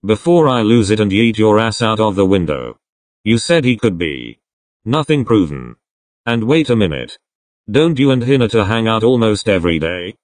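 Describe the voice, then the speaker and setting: A man's voice: lowish voice, animated, moderate pace, no echo, lightly acted. A man voicing a blunt, protective young man who talks in a bossy, teasing, crude way. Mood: stern.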